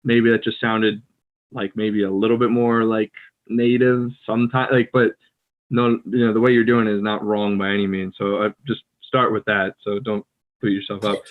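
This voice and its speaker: A man's voice: lowish voice, normal speed. American man on a tinny call line. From United States. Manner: relaxed, rambling, many fillers. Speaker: podcast co-host. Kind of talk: casual chat. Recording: tinny phone-like call audio.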